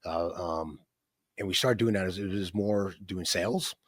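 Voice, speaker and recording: A man in his fifties with a low-pitched voice speaks at normal speed in a clean studio recording with no echo. As an entrepreneur guest, he rambles through his life story conversationally, with lots of fillers and restarts and frequent tag questions like "right?"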